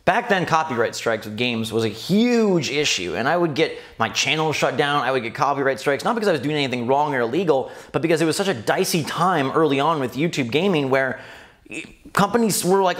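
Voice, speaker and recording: A man hosting his gaming channel, reminiscing in casual commentary and jumping up high when amused. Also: fast talker. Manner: animated, rising to high squeals when amused. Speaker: gaming YouTuber host.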